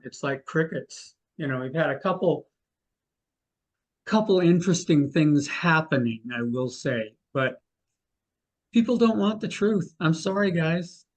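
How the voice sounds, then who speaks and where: Older male guest, slightly higher voice, animated storyteller who mimics others. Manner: animated, acts out the people he quotes. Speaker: guest, mentalist. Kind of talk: anecdotal storytelling in an interview.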